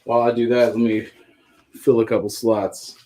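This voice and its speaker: A man with a Southern American accent hosts a live sale in a loose, joking way. He chats casually as he reads out items, and his voice sits at a middle pitch. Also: level tone, normal speed, warm tone. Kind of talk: casual live sales chat.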